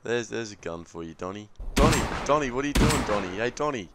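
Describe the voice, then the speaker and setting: A man's voice: mid-range voice, animated, fast, heavy background noise. A man, bantering crudely and joking with strangers over game voice chat. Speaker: gamer recording voice chat.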